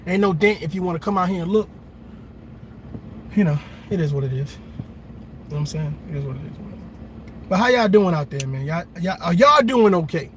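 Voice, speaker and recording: A man hosting a casual live stream, talking straight to his viewers in an animated, blunt way with plenty of swearing. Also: on the high side, fairly quick, long pauses, slight background noise. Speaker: livestream host. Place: parked car in a park.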